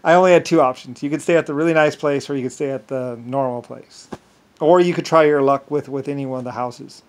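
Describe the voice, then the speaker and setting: A man telling a rambling, boastful story, halting often with fillers and restarts. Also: mid-range voice. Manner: boastful, grandiose. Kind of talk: rambling monologue.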